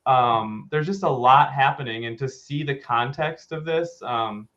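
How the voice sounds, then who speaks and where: Mid-pitched man, jokey rambling podcast co-host, slightly muffled audio. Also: unhurried, a bit bright. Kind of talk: casual film discussion podcast.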